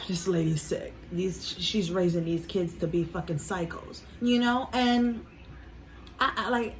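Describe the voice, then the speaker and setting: A woman's voice: lowish voice, fairly even intonation, takes it slowly, a little hiss or hum, low-quality recording. A woman. She talks earnestly in a casual, emotional way, swears freely and fills her talk with "you know". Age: 20s. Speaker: reaction video host.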